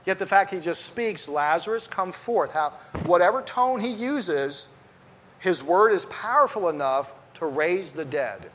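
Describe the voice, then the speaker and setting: A man's voice: high-pitched, lively intonation, a little slow, fairly bright tone, slight background noise. A man preaching a sermon, earnest and conversational, with restarts and asides, quoting scripture in old-style wording.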